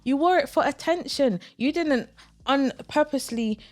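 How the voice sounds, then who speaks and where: A woman's voice: sits high, moderate pace, a little mellow. Blunt woman co-hosting a podcast. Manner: blunt, lecturing, mocks others in quoted voices. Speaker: podcast co-host. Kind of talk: casual opinion podcast chat.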